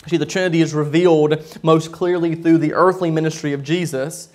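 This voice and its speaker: Guy preaching a sermon, tells it like a story, trips over words a lot, kinda high voice. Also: fairly even intonation, darkish tone. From southern United States. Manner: storytelling, halting with repeated words.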